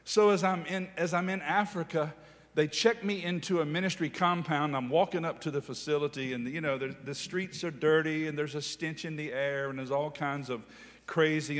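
A fairly high-voiced man preaching a sermon, telling a story with lively animation and rising to loud, emphatic declarations. His voice rings with the long reverb of a large hall. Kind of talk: sermon testimony.

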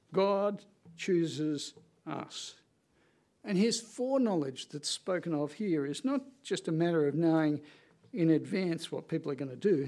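A man preaching a sermon in an earnest, conversational way, slowing down with dramatic pauses for emphasis. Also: fairly high pitch, dark tone.

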